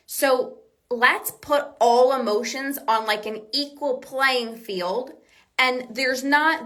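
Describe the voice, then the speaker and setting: Woman podcast coach, higher-pitched voice, earnest, reassuring, repetitive. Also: a bit bright. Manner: acts out quoted self-talk. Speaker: binge eating coach and podcast host. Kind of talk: motivational podcast talk.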